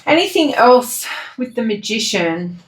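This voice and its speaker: A woman's voice: fairly high pitch, big pitch swings, a little slow. A woman giving a casual pick-a-card tarot reading, talking bluntly and swearing freely. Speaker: tarot reader. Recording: echoey room.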